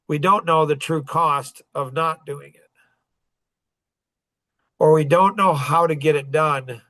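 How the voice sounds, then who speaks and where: A man's voice: fairly high pitch, fairly bright tone, no room sound. A man in his forties, a self-improvement speaker, telling a personal story in an earnest, rambling way with many restarts.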